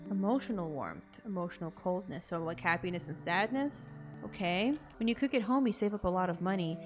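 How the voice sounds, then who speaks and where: A young adult woman, a gaming content creator, plays a game on camera and reads its text aloud. She reacts in an expressive, jokey way with bursts of loud disbelief, speaking briskly at medium pitch over music.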